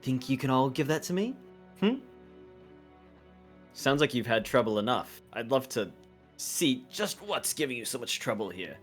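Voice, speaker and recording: A man's voice: mid-range voice, big pitch swings, normal speed, long pauses, close to an everyday voice. A man voicing a sarcastic mocking demon warrior. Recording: faint music behind.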